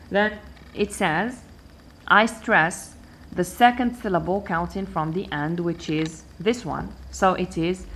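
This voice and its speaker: A woman teaching an English lesson, explaining slowly and patiently and repeating key words. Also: lowish voice, a bit bright, husky. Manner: patient and repetitive, switching between English, Arabic and French. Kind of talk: language lesson explaining word stress.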